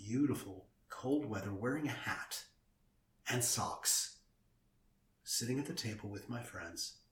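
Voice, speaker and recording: A man's voice: mid-range voice, recorded from a distance, a little hiss or hum. Teasing man with a roomy echo. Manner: teasing, drawn-out, stalling with breathing exercises. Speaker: host. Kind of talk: playful casual chat. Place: indoors at a table.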